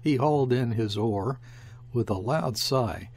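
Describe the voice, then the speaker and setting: A man reading a classic short story aloud as an audiobook narrator, in a measured storytelling manner. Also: mid-range voice, expressive, vocal fry, darkish tone, husky. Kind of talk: scripted narration.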